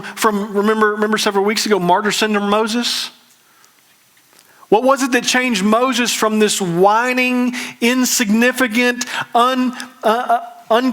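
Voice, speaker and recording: A man, preaching a conversational, emphatic sermon as a pastor with quick restarts. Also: extremely high pitch, fairly bright tone.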